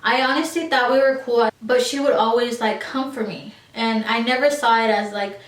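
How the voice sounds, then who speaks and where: A young woman with a slightly high voice tells a storytime vlog in a loose, rambling way, full of likes and ums. Her voice sits a little back from the mic in an echoey room. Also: normal speed, far from the mic. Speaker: beauty vlogger. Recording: roomy echo, voice a little off-mic.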